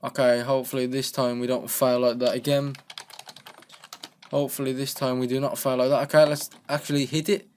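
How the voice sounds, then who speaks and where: A young man playing through a game map and commenting on it in a jokey, excitable way. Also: mid-range voice, brisk. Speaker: gaming channel host. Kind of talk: let's-play commentary.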